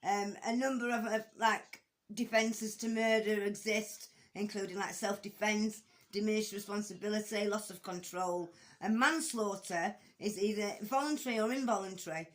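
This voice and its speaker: A woman's voice: mid-range voice, steady tone, normal speed. Hesitant woman recapping a court case. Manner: hesitant, many ums and restarts, casual swearing; blunt, conversational. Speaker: true-crime commentator. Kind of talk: casual spoken commentary.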